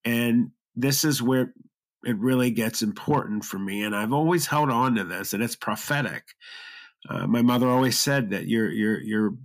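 A man's voice: mid-range voice, normal speed. A man telling his personal story in an interview, earnest and emotional, choked up at times, often restarting his sentences. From half Lebanese, half German Irish heritage.

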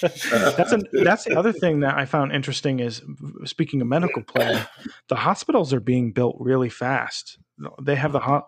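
A man's voice: mid-range voice, vocal fry, no echo. A man co-hosting a gaming podcast, chatting casually in an upbeat, joking way and laughing easily. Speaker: podcast co-host. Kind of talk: casual chat.

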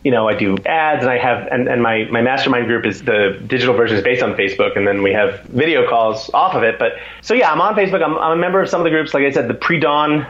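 A man in his forties telling stories as an interview guest, animated and self-deprecating, with many restarts. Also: medium pitch, fast talker, few pauses, highs cut off. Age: 40s. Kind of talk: casual interview storytelling.

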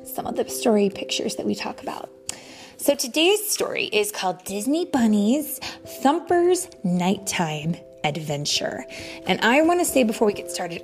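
A woman, a mother hosting storytime, reading a picture book aloud to children, gently and often in a whisper. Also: mid-range voice. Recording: soft background music.

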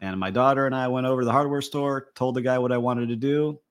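A man's voice: medium pitch, fairly even intonation, fast talker, smooth. A man co-hosting a hospitality podcast, telling stories in an easygoing, casual way. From Miami, USA. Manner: easygoing, storytelling. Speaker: podcast co-host. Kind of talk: casual chat.

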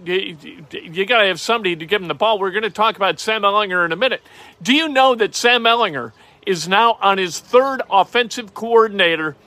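A middle-aged man hosting a casual, opinionated sports talk show, animated and wry. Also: high voice, no echo. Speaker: sports podcast host.

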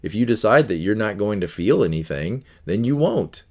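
A man's voice: fairly low pitch, sing-song, moderate pace. A man hosting a self-help podcast, teaching in an earnest, conversational way that often repeats itself. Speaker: podcast host.

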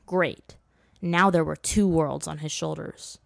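A woman's voice: low voice, fairly even intonation, takes it slowly, creaky. A woman reads a story aloud with a dry, close sound. She raises her voice for the characters' quoted lines. The room adds almost no echo. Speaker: narrator. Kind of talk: reading fan fiction aloud.

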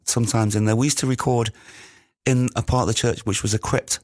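A man, a musician, recounting studio stories in a rambling, casual way with many pauses. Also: mid-range voice, steady tone, no echo. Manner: rambling, many ums and restarts. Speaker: musician guest. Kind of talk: casual anecdotal storytelling.

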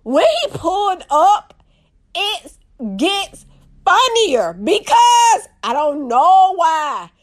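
A young woman with a drawl tells a story straight to her viewers, calling them y'all. Her voice sits high and swings widely up and down. She takes her time, unhurried. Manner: animated, drawling, addresses audience as y'all.

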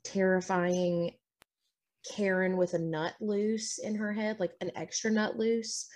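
A woman playing a tabletop game with friends, joking and talking quickly. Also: medium pitch. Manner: animated, jokey, quick. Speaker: player. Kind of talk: casual tabletop game play.

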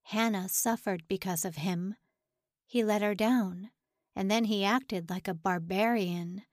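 Slow, measured woman reading a story. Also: mid-range voice, no echo, studio quality. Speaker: audiobook narrator. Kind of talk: scripted narration.

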